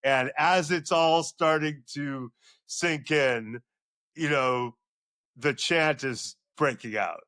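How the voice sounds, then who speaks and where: A middle-aged man, a sports journalist and podcast guest, telling a long story with rising excitement. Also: slow pace, no room sound, clean studio sound. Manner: excitable, voice climbs high when reliving moments. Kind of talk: animated storytelling.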